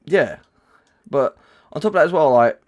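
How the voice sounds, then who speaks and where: A man's voice: a little high, expressive, moderate pace, muffled recording. A man hosting his own livestream, chatting casually about a game and rambling with lots of fillers and restarts. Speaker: livestream host. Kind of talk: casual gaming chat.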